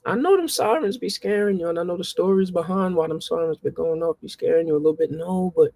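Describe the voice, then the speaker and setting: A young man tells stories in a relaxed chat. He acts out his old conversations, his voice jumping high as he plays them back. The sound is dry and close. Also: fast, gravelly, dry recording. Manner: animated, acts out his own past exchanges with rising pitch. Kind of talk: casual storytelling.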